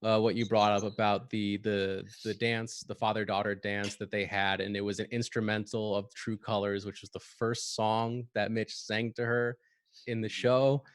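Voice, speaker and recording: A man's voice: on the low side, level tone, normal speed, no echo. A man discussing a TV episode in a casual online panel, speaking thoughtfully with lots of fillers. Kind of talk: casual chat.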